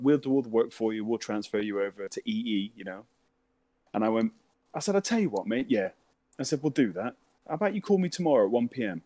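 A man's voice: mid-range voice, a little mellow, no room sound. A young British man telling a funny story in casual chat, swearing, laughing and mimicking voices.

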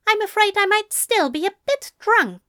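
A woman's voice: very high-pitched, very animated, normal speed, sharp tone, no echo, clean studio sound, voice pushed up, heavily acted. A woman reading a story aloud, voicing a tipsy, fussy male angel who talks in a formal, flustered way. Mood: sheepish.

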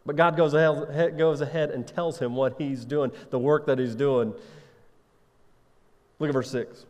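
A man's voice: on the high side, steady tone, unhurried, darkish tone, lo-fi sound. Man preaching in an echoing hall. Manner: conversational preaching with rhetorical questions. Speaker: pastor. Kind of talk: sermon.

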